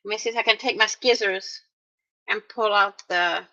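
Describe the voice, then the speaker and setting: A woman's voice: medium pitch, steady tone, normal speed, pushed and bright. A woman narrating a casual crafting tutorial, chatty and talking straight to her viewers with playful little exclamations, in a dull lo-fi recording. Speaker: craft vlogger.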